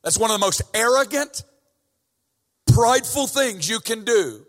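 A guest preacher with a very high, expressive, fairly bright voice preaches at a measured pace, his words reverberating through the church sanctuary. The sermon begins casually and climbs to fervent emphasis.

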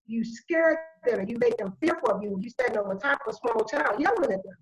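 A woman's voice: fairly high pitch, lively intonation, fairly quick, low-quality recording. A woman in casual group discussion, speaking animatedly and acting out exchanges with children. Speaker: panel guest sharing parenting views.

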